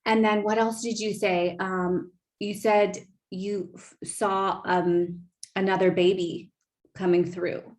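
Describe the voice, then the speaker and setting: A woman's voice: mid-range voice, takes it slowly. Gushing woman podcast host. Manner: animated, gushing, many fillers. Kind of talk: emotional casual storytelling.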